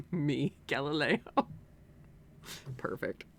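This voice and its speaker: A woman streamer giving casual, animated let's-play commentary, laughing often and swearing. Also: deep voice, extremely slow, gravelly.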